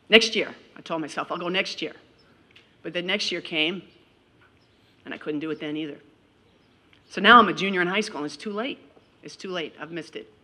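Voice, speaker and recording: A woman's voice: sits low, bright, forceful tone. A middle-aged woman giving a graduation speech, telling stories with self-deprecating humor and calling out people in the audience. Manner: calls out audience members directly. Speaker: commencement speaker. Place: graduation ceremony.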